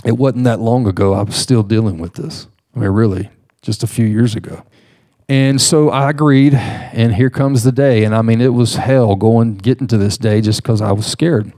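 A man preaching from a church microphone, relating a story from his own life. His voice sits at an average pitch, and his delivery is lively, with quick laughs and self-corrections as he builds toward his point. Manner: animated personal storytelling with laughs and restarts. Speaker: pastor. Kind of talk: sermon storytelling.

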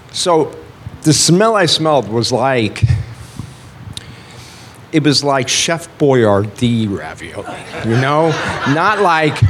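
A man's voice: medium pitch, slight background noise. Rambling man telling a testimony. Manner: rambling, full of "like" and restarts. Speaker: church speaker sharing a testimony. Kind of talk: casual testimony.

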